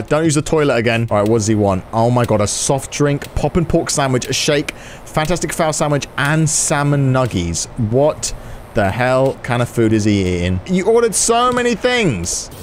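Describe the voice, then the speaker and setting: An excitable man giving let's-play commentary. His pitch swings wildly and sits somewhat high for a man, as he curses and yells at what happens on screen. Faint game music plays behind him. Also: moderate pace. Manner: excitable, swearing, yelling reactions. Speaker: gaming video host.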